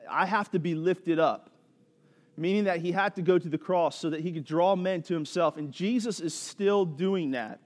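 A high-pitched male pastor delivering a sermon in a church, shifting between chatty slang and rising intensity. His voice carries a long hall reverb from the sanctuary. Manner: conversational, casual slang, building in intensity.

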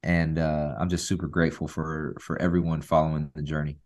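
A man's voice: a bass voice, flat delivery, a little fast, a little mellow. A man guest on a podcast speaking earnestly in casual chat, often restarting his words.

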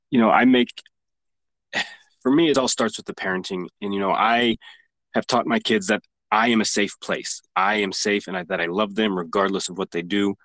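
A man's voice: fairly low pitch, fairly bright tone, no echo, poor audio. A man who is a father, speaking earnestly as a podcast guest, often repeating words as he gathers his thoughts. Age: adult parent of three. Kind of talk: casual podcast conversation.

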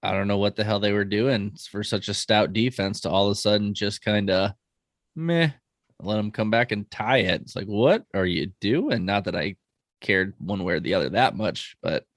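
A man co-hosting a casual sports podcast, giving relaxed, measured takes. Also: on the low side, no echo, clean studio sound. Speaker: podcast co-host.

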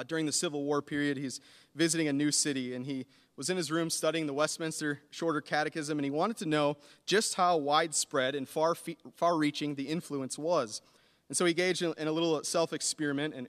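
A man in his thirties preaching a sermon, earnest and building to animated emphasis. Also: a little high, brisk. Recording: long hall reverb.

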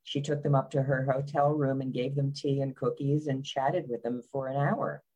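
A woman's voice: extremely low pitch, fairly even intonation, moderate pace, dark tone, dull audio. Wry, blunt woman guest. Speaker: biographer guest. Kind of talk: conversational interview.

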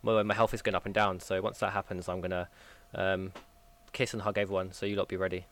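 A man in his twenties chatting as a podcast guest, cheerful but halting, with lots of hesitation. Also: low-pitched, level tone, a bit bright, slight background noise. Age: 20s. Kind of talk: casual chat.

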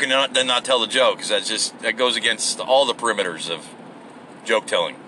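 A man's voice: mid-range voice, expressive, fairly quick, bright, forceful tone, a little hiss or hum. A man hosting a rambling solo podcast from his car on the way to work, profane and self-deprecating. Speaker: podcast host.

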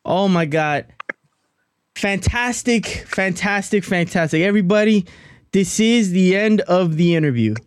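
A man hosting a podcast in casual chat, excitable and given to repeating himself. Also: sits high, a little slow, clean tone. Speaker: podcast host.

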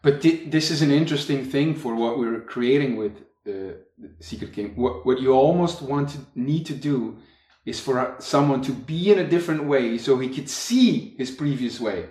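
A man co-hosting a podcast, telling lively anecdotes in a casual chat. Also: medium pitch, normal speed. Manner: storytelling, lively anecdotes with quoted voices. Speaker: podcast co-host. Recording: echoey room.

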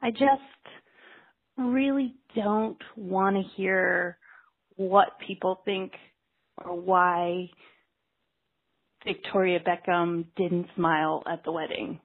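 A woman with a husky voice speaks slowly and deliberately, dismissive and exasperated as she vents. The sound is narrow and tinny, like a voicemail left by phone. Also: lowish voice, steady tone. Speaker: caller. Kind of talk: ranting voicemail.

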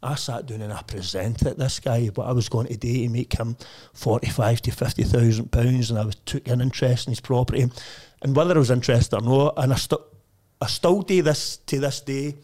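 Fast-talking, foul-mouthed Scottish man. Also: medium pitch, steady tone, a little mellow. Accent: Scottish, Lanarkshire. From Lanarkshire, Scotland. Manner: swears constantly, boastful and blunt. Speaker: estate agent, podcast guest. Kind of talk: casual storytelling chat.

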